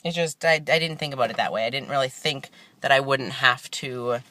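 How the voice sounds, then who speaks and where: A man's voice: medium pitch, fairly quick, sharp tone. A young man talking casually to the camera for a vlog while sitting in a parked car, laid-back and rambling, with lots of fillers and restarts. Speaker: vlogger.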